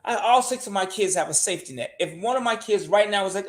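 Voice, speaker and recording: A man's voice: high voice, quick pace, few pauses. An older man, a show regular, giving blunt money advice in casual podcast talk and swearing freely.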